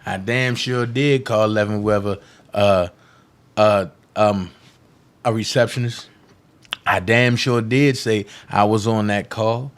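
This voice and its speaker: A man hosting a political livestream, delivering a heated, defiant monologue that taunts his critics, repeats phrases for emphasis and swings from loud outbursts to hushed asides. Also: fairly low pitch, steady tone, takes it slowly, clear, resonant tone.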